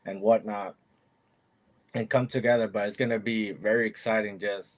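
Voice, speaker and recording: A man chatting casually in a friendly, halting way, with frequent restarts. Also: fairly low pitch, fairly even intonation, no echo. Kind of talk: casual chat.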